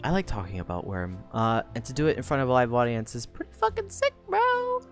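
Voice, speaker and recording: Animated young woman streamer chatting. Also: very deep voice, quick pace, faint music behind. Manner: energetic, rambling, swears casually. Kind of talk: casual live-stream chat.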